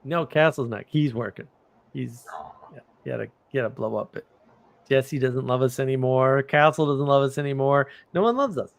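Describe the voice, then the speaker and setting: Speaking at medium pitch and a moderate pace, the American man's voice is a bit creaky and recorded dry. He hosts a livestream, chatting casually through stories and animatedly imitating people's incredulous reactions.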